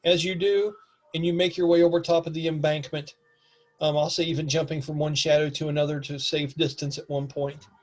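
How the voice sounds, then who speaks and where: A man's voice: fairly high pitch, level tone, a little fast. A man narrating a tabletop game as game master, describing scenes with frequent ums.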